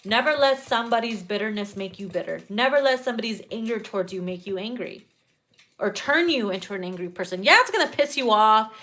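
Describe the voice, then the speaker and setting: A woman giving a casual tarot reading, blunt and profane, laughing loudly at her own jokes. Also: mid-range voice, a little fast. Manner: blunt, profane and animated, breaks into loud laughter. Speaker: tarot reader.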